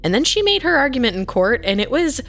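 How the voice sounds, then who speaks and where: A woman's voice: sits high, sing-song, a bit bright. Playful woman podcast co-host. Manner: playful, quick reactions, teasing. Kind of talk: casual true-crime chat.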